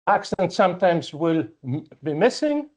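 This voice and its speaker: A man giving an academic conference talk, speaking as a with frequent fillers and pauses. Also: high voice, very animated. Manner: slow, halting, with many fillers. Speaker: conference presenter.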